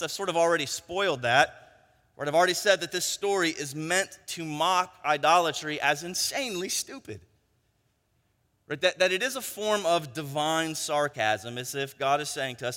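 High-voiced preacher in a reverberant hall. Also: male voice, bright, forceful tone. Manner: conversational storytelling, frequent tag questions. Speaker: pastor. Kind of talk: sermon.

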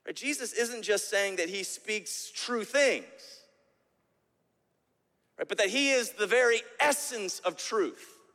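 A man's voice: high voice, bright, forceful tone, in a large hall. A man preaching a sermon as pastor, tagging his points with "right?" and often repeating words as he restarts.

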